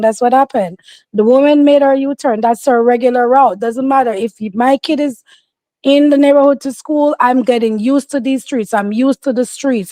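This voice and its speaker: A woman's voice: fairly high pitch, dark tone, no room sound. A woman giving casual, opinionated commentary, emphatic and insistent, acting out the voices of people she quotes.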